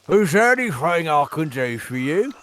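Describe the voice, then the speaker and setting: A man's voice: fairly high pitch, a bit bright, full character voice. A man voicing a friendly male charcoal burner who lives in the forest, as a live game voice-over.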